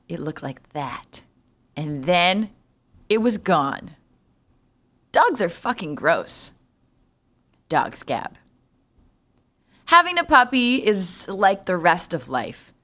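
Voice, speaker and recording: A woman's voice: mid-range voice, a bit bright. Wry, swearing woman podcaster from Canada. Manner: sarcastic, swearing, jokey asides. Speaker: podcast host. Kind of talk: solo podcast monologue.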